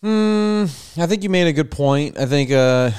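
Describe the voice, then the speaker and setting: A man's voice: fairly high pitch, lively intonation, unhurried, a little mellow, smooth. A man hosting a podcast, chatting casually and making jokes. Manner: joking, brief reactions. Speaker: podcast host. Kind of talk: casual chat.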